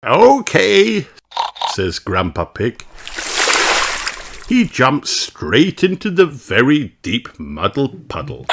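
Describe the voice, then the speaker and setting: A man reading a children's storybook aloud with an expressive storytelling lilt. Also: on the low side, heavy background noise. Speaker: narrator.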